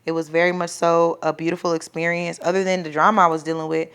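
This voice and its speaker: Animated young woman telling a story. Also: on the low side, quick pace, smooth. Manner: animated, profane, acts out quoted voices loudly; grows soft and quiet when emotional. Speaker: mother telling her birth story. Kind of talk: casual storytelling to camera.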